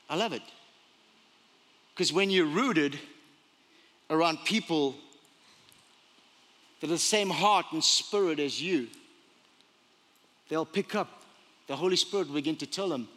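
A man's voice: a little high, a little slow, long pauses, fairly bright tone, long reverb tail. A male pastor preaching a sermon in a church, emphatic and full of rhetorical questions. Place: church sanctuary.

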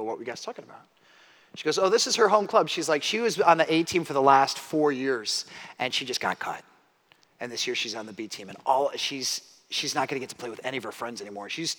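Preacher man with bright voice in reverberant hall. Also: medium pitch. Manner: storytelling, swings from hushed asides to loud emphatic peaks. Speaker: pastor. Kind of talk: sermon.

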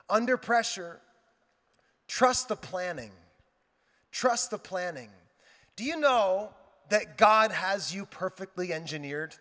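High, bright-voiced pastor preaching. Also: male voice. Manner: animated storytelling with quoted dialogue and asides. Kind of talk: sermon. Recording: reverberant hall.

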